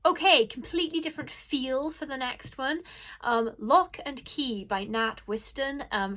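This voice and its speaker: A woman's voice: on the high side, fairly bright tone. A woman casually recommending horror stories in a chatty, gushing vlog, with lots of fillers and restarts. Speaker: horror book reviewer.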